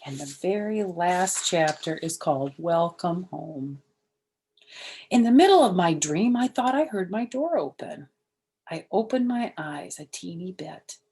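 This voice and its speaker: A woman's voice: on the low side, expressive, unhurried, darkish tone, breathy edge. An older woman reading a children's chapter book aloud, with chatty asides to her listeners. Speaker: storyteller.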